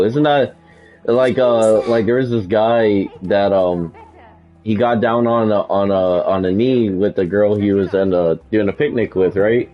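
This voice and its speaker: A man's voice: lowish voice, fairly even intonation, a little slow, lo-fi sound, faint music behind. Rambling young man commenting on a game. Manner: rambling, laughing storyteller with many fillers. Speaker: gaming video host. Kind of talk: casual gameplay commentary.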